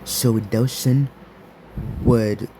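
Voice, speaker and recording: A man narrating an improvised fan story, halting, with many repeats and restarts. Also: lowish voice, fairly even intonation, warm tone, slight background noise.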